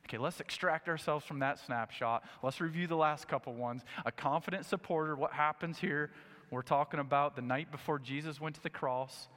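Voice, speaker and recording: Bright-voiced male preacher in echoey hall. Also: fairly high pitch, brisk. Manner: animated, acts out the scriptures. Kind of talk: sermon. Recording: echoey hall with long reverb.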